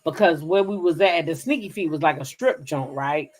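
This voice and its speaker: A woman from the DC hosting a casual livestream, telling stories straight to her viewers in an animated, profane way. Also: low-pitched, a little fast. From Kensington, Maryland, near Washington DC. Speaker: livestream gossip host. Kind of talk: casual chat with live viewers.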